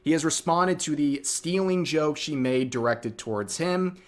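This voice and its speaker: A man's voice: on the high side, measured pace. A man hosting a commentary video, narrating clips with dry sarcasm. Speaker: commentary channel host.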